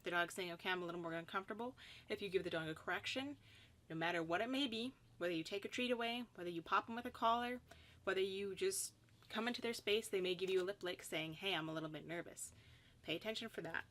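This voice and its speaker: Female dog trainer, calm teaching voice-over, mid-pitched, voices the dog's thoughts in asides. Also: fast talker. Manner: explains calmly, voicing the dog's thoughts in quotes. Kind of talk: instructional voice-over over slides.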